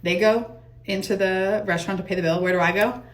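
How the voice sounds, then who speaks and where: A young woman telling a storytime monologue in a fast, animated, casual way, swearing and laughing often. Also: medium pitch, slight background noise.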